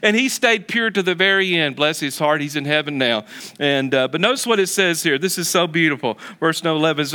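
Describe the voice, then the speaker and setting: Man, pastor, sermon, earnest storytelling, crisp clear tone. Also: fairly high pitch, expressive, a little fast, pushed and bright. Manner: earnest, storytelling with many restarts.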